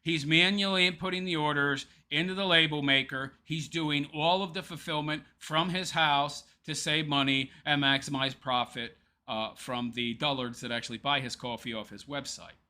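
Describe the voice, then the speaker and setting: A man's voice: on the high side, fairly even intonation, moderate pace, hardly any pauses, bright, forceful tone. A man hosting a commentary show, talking sarcastically over a clip and laughing often at his target. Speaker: show host.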